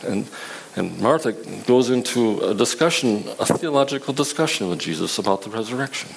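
A man with a lowish voice delivering a sermon in a conversational, unpolished way. He often stops and restarts mid-sentence. A faint hiss sits under the recording. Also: expressive, moderate pace, vocal fry, poor audio. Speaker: preacher.

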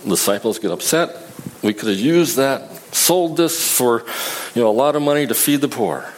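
A man preaching a sermon in a conversational, halting way, often restarting his sentences. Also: mid-range voice, lively intonation, slight background noise, rough recording.

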